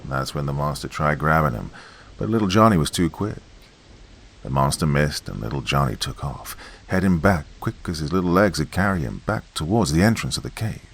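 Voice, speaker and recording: A man tells a horror tale in a very deep, gravelly voice. His delivery is folksy, like a campfire telling, and moves between loud bursts and hushed lines. The tone is husky. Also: animated, fairly quick. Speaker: horror podcast narrator. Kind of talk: dramatic horror storytelling.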